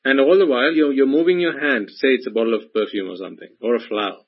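Husky man giving a dharma talk. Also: medium pitch, fast. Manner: repetitive, full of rhetorical questions. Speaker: Buddhist teacher. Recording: dull lo-fi recording.

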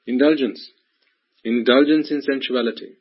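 Husky man giving a dharma talk. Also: mid-range voice, fairly even intonation, moderate pace. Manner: repetitive, full of rhetorical questions. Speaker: Buddhist teacher. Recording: dull lo-fi recording.

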